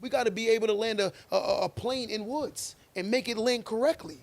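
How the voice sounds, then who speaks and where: A man's voice: high-pitched, a little fast, gravelly. A man co-hosting a podcast, arguing his view with emphatic, preachy conviction and telling stories along the way. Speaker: podcast co-host. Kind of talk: casual debate chat.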